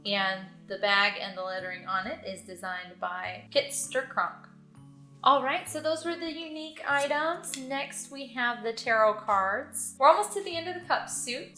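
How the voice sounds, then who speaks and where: A woman's voice: mid-range voice, pushed and bright, roomy sound. A woman vlogger casually chatting as she unboxes a book subscription box, thinking aloud with plenty of fillers and asides.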